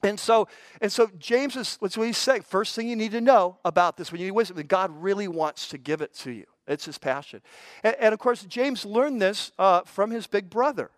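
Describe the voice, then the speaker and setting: A man's voice: sits high, normal speed, no echo. An older man, a pastor, preaching a sermon in a conversational way, with folksy asides and frequent stammered restarts.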